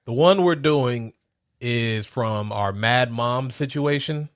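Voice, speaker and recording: A young man co-hosting a casual movie review chat, joking and swearing freely with quick asides. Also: mid-range voice, no room sound, studio quality. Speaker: podcast co-host.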